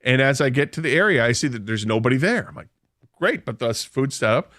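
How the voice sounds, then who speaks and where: A man's voice: mid-range voice, expressive, quick pace, a bit bright, no echo, studio quality. Man spinning a rambling funny story. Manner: rambling anecdote with self-deprecating humor and frequent restarts. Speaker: radio show host. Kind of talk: casual storytelling on sports radio. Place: radio studio.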